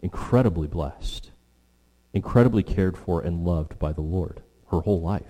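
A man delivering a sermon from the pulpit, his voice low-pitched and mellow. He speaks with emphasis, climbing sharply in pitch when quoting. A long hall reverb trails every phrase. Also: normal speed. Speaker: pastor.

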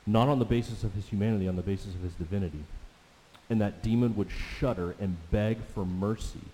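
A man preaching a sermon as a pastor, emphatic, slowing down to stress each scripture quote. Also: lowish voice, fairly even intonation, mellow, big-room sound, a little hiss or hum, low-quality recording.

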